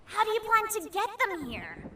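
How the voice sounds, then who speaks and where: Squeaky falsetto Scootaloo filly. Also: male voice, wildly swooping pitch, normal speed, exaggerated voice. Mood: questioning. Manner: squeaky falsetto, blunt questioning. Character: tomboyish young filly pony, blunt and practical. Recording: distant echoey noisy home recording.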